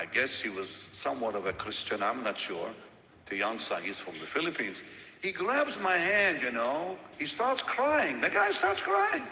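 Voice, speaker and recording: Male preacher, sermon storytelling, very bright and lively tone, roomy reverberant hall sound. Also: mid-range voice, a little hiss or hum. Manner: animated storytelling, repeats words, laughs. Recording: echoey hall with long reverb.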